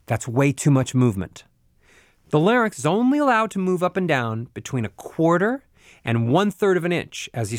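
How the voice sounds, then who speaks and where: A middle-aged man, a voice coach, explaining vocal exercises step by step in a clear, patient way. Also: on the high side, no echo, studio quality. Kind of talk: spoken instruction with vocal exercises.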